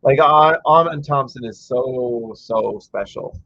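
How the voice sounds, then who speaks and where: Husky-voiced man ranting on a stream. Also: mid-range voice, slow pace, fairly bright tone, dry recording, muffled recording. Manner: chatty, reads viewer comments aloud, rants in bursts. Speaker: livestream host. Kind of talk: casual live game-watch commentary.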